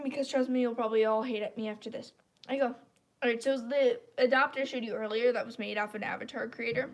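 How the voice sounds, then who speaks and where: Woman streamer, slightly high pitch, stuffy congested throat; blunt, opinionated, rambling delivery. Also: steady tone, quick pace, a little hiss or hum. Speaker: live stream host. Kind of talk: casual live-stream rant.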